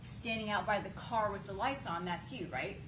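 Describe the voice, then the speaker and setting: In a courtroom with background noise, a female defense attorney with a medium-pitched voice cross-examines at a moderate pace. She asks pointed, leading questions that end in "right?"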